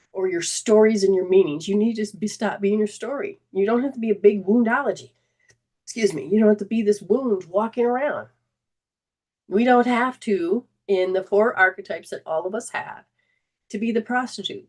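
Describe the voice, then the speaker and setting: A woman hosting a spiritual self-help talk, speaking in an earnest, conversational way, often restarting sentences and briefly acting out remembered dialogue. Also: medium pitch. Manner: acts out remembered dialogue in lively quoted voices. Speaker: host and spiritual healing coach.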